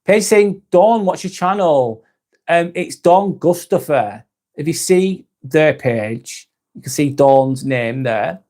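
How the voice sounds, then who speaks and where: A man's voice: on the high side, expressive, slow, a little mellow. Man hosting a live stream. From northwest England. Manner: friendly, reads viewer comments aloud and replies. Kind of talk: casual live chat reading comments.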